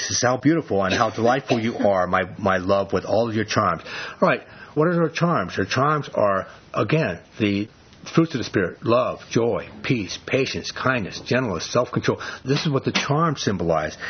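A man's voice: on the low side, breathy edge. A middle-aged man teaching an informal Bible study, talking conversationally with restarts and rising for emphasis. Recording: dull lo-fi recording.

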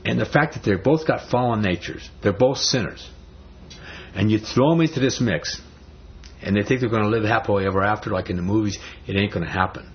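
Before a live audience, a man speaking on marriage gives a folksy, conversational sermon, often repeating himself for emphasis. His voice is on the low side and a little fast, and the recording is dull and muffled with a faint hiss.

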